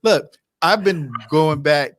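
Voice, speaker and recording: A man from North Carolina co-hosting a podcast, laid-back and quick to laugh while he tells stories. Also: on the high side, no room sound, clean studio sound. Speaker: podcast co-host. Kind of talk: casual chat.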